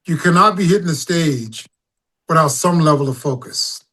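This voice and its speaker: A man's voice: on the high side, normal speed, breathy edge. A man, a singer-songwriter guest, telling stories casually in an interview and acting out his own stage calls. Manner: animated storyteller, acts out crowd calls.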